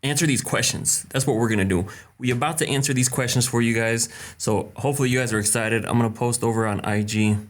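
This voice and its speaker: A young man hosting a casual live stream, greeting viewers by name in a relaxed, chatty way and dropping in short Spanish greetings. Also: medium pitch, fast, a little hiss or hum. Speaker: live-stream host answering viewer questions.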